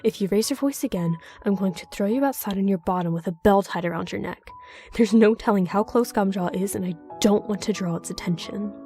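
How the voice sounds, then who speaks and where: A woman voicing a gruff old southern recluse. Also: medium pitch, brisk, mellow, soft background music, lightly acted. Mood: stern. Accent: American Southern. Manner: stern, ominous, curt.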